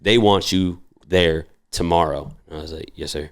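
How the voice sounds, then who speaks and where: Very deep gravelly man telling stories. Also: moderate pace. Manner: profane, acts out quoted voices animatedly. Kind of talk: casual storytelling.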